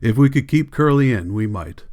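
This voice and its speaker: Man reading calm lead ranch hand, quiet low drawl, somber, audiobook. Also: normal speed, close to an everyday voice.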